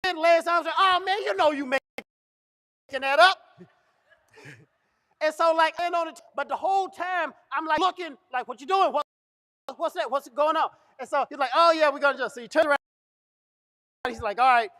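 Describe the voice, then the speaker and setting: Animated high-voiced male storyteller. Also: a little fast. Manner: animated, acts out dialogue. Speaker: comedian. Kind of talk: comedic storytelling. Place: event stage.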